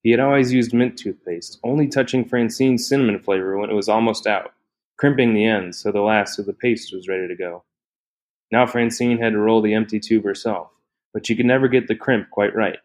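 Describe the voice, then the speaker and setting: In a fairly low-pitched voice, a male narrator reads a novel for an audiobook. The scripted delivery is measured and even.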